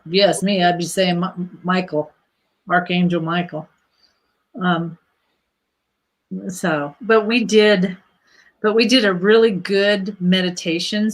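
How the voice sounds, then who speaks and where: A woman hosting a casual spiritual livestream, pulling cards for viewers and swearing freely. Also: fairly low pitch. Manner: blunt, swears freely, laughs easily. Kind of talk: casual livestream chat, card reading.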